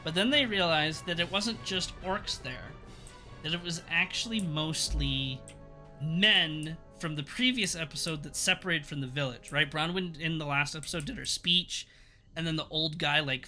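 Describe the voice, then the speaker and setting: A man streaming live, casually recapping a TV episode, rambling along with amused laughs and quick acted-out quotes. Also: fairly high pitch, bright, forceful tone. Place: home streaming setup.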